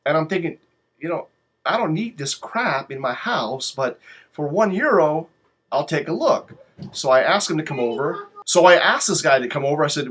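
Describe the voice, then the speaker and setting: A man telling his own travel stories in a casual, rambling way, swearing freely and getting animated. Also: mid-range voice, normal speed. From lives in Poland. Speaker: vlogger.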